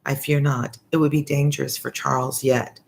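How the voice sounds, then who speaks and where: A woman reading the part of a calm, kindly older doctor who speaks gently. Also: very deep voice, normal speed, gravelly, voice pushed down.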